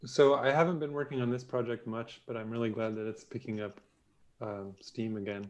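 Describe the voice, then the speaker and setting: A man's voice: medium pitch, fairly even intonation, brisk. Easygoing man on a video call. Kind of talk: casual video call chat.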